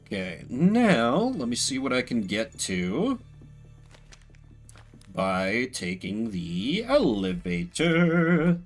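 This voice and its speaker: Guy doing let's play commentary, lively jumpy voice, jokes at himself, faint game music behind. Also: mid-range voice, very slow. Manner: animated, chatty, self-mocking. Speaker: streamer playing a horror game.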